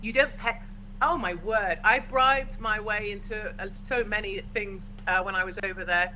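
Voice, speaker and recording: A woman's voice: medium pitch, moderate pace, bright, forceful tone, slight background noise, poor audio. A forthright, opinionated English woman from the UK, chatting as a guest in a casual video-call conversation. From United Kingdom.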